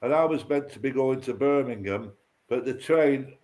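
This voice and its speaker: A man chatting on a livestream panel. He talks in a blunt, profane, rambling way, telling stories at a middling pitch. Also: moderate pace. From Lancashire. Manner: loud, profane ranting and storytelling. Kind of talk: casual chat.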